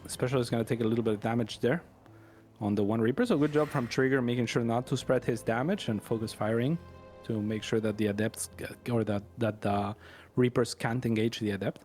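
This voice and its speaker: A man's voice: medium pitch, fairly even intonation, brisk, darkish tone, faint music behind. Dry, teasing male co-caster. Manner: dry teasing banter, analytical. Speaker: esports co-caster. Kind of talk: live game commentary.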